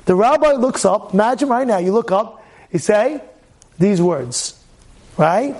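A man teaching an animated Torah lesson. He tells the story with energy, keeps repeating rhetorical questions to his listeners, and breaks into sudden loud outbursts. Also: high voice, a little slow.

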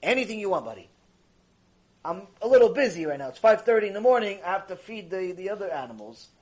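A man voicing a busy chicken farmer who talks in a brisk, hurried and offhand way. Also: sits high, sing-song, a little mellow.

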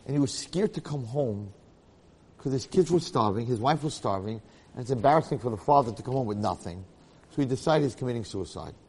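Animated male storyteller lecturing. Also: mid-range voice, a little fast, slightly rough, in a large hall. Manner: animated storyteller, acts out the characters' lines. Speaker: Torah lecturer.

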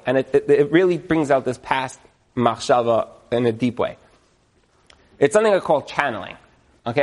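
A man teaching about marriage in a casual, animated way, acting out little scenes and chuckling as he goes. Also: medium pitch. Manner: animated, acts out quotes, chuckles often. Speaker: marriage educator.

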